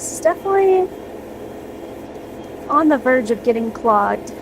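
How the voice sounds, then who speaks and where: A woman's voice: high-pitched, very animated, a little slow, background noise. A young woman streaming casually while airbrushing miniatures, chatting with her viewers and cheering herself on in an upbeat, playful way.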